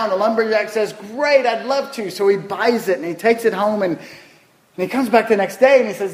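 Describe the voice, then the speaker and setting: A man's voice: high voice, moderate pace, reverberant, low-quality recording. A man preaching a sermon, telling folksy stories and asking the congregation rhetorical questions. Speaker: pastor.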